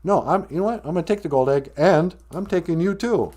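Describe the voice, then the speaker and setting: A man's voice: sits high, fairly quick, darkish tone, voice pushed up. A man playing Jack as a brash, greedy young man who talks in casual slang. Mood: cocky.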